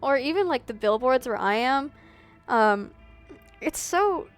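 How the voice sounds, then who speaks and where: A woman's voice: high-pitched, expressive, a little slow, clear, resonant tone, soft background music. A young woman streaming a game, chatting casually and rambling with lots of "like". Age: young adult. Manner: rambling, fillers of "like". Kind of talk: casual gameplay chat.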